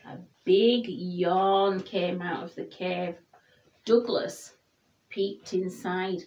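A woman reading a children's picture book aloud in a gentle, expressive storybook voice. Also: fairly low pitch, very slow, highs cut off.

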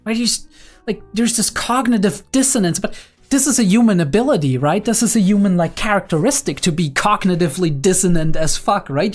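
A woman's voice: medium pitch, lively intonation, brisk, darkish tone, soft background music. A young woman and psychology student giving analytical anime reaction commentary, often checking in with "right?". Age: young adult.

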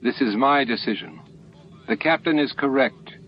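A man voicing a timid but determined alien who speaks gently and earnestly, on a lo-fi recording with faint hiss. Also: mid-range voice, moderate pace, voice pushed up, natural voice. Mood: resolute.

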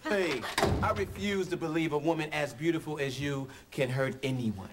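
A man's voice: on the high side, moderate pace, heavy background noise, natural voice. A man playing a cocky, flirty ad man.

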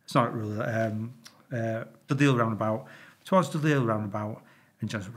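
With a lowish voice and a brisk delivery, this middle-aged former traffic policeman tells stories to camera in a thick Yorkshire accent. It's casual and animated, full of swearing and sound effects, with plenty of stumbles and repeats.

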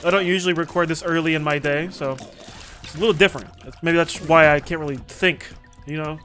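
A man's voice: on the high side, fairly even intonation, fast, a bit bright, faint music behind. A man casually commentating his gameplay for viewers, swearing freely, laughing often and chatting with his audience. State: recently woken up. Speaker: gaming video creator.

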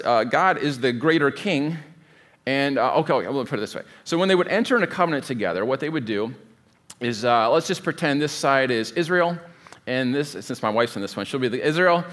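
A man's voice: medium pitch, animated, fast talker, fairly bright tone. A man preaching a sermon as pastor, in a conversational, digressive way, often stopping to rethink a sentence. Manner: conversational, digressive, thinks aloud mid-sentence.

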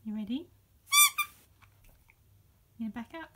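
A woman's voice: fairly high pitch, measured pace, heavy background noise. Woman firmly commanding her dog. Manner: firm short commands to a dog, often laughing. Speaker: dog owner filming her dog. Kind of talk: casual commands to a dog while filming. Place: home room indoors.

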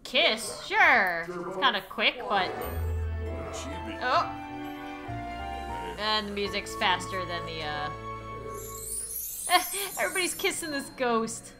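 Lively, bright-voiced young woman gaming. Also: fairly high pitch, faint music behind. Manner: playful, voices her characters in quick asides. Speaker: gaming YouTuber. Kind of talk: Let's Play commentary.

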